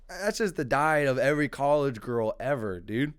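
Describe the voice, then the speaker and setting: A man's voice: medium pitch, expressive, normal speed, hardly any pauses, clean tone. A young man in his twenties hosting a solo podcast, rambling and swearing in a mocking, casual rant. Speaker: podcast host.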